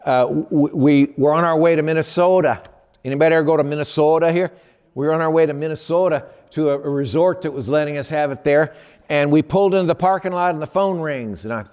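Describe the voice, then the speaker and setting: A man preaching a sermon as pastor, telling stories with lively acted-out voices. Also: fairly quick. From Texas. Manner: animated storyteller, acts out a phone call in a high excited voice. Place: church sanctuary. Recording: long hall reverb.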